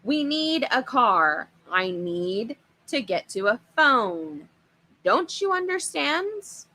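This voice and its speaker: Woman doing a frantic, shouting dad. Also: sits high, very animated, unhurried, pitched above the performer's own voice, exaggerated voice. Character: frantic red-faced dad, loud and desperate.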